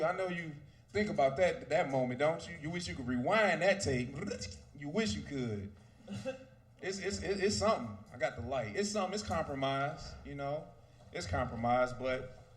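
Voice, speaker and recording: Loud, animated stand-up comic in his thirties. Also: a little high. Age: 30s. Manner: loud, animated, profane delivery. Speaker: stand-up comedian. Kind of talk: stand-up comedy set.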